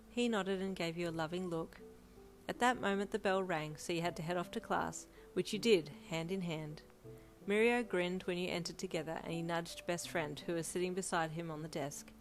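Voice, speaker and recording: A woman reads a fanfiction story aloud in a steady storytelling manner. Her voice sits somewhat low for a woman. Soft lo-fi music plays faintly behind her. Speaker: narrator. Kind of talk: fanfiction audiobook reading.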